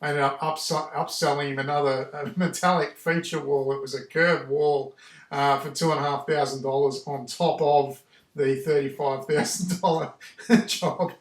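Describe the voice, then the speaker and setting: A middle-aged man tells a story in a flat, even voice, circling back and restarting his sentences. He sits some way off the mic in an echoey room. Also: a little high, normal speed, distant mic. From Australia. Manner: rambling, repeats and restarts himself. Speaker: house painter telling a story. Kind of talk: casual storytelling monologue.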